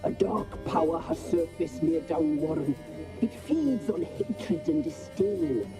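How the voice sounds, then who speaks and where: A cruel commanding crone. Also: female voice, deep voice, lively intonation, slow pace. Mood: imperious. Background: game music.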